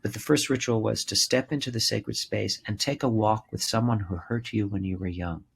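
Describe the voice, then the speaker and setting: This author and actor in his sixties speaks at a normal speed in a fairly low voice with vocal fry and a breathy edge. As a podcast guest he recounts his story candidly, cursing liberally and repeating words with fervor.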